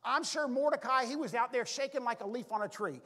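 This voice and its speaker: Male preacher, high voice, storytelling sermon, voice ringing in a reverberant sanctuary. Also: a little fast, a bit bright. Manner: storytelling preacher who acts out the characters' lines; repeats "all of a sudden" and "be able to". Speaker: pastor. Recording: long reverb from a large hall.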